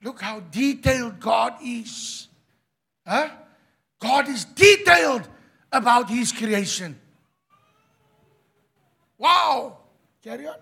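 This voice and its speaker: A South African man preaching a sermon, mixing Afrikaans into his English and swinging from quiet asides to loud declarations. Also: extremely high pitch, lively intonation, takes it slowly, vocal fry, long pauses, husky.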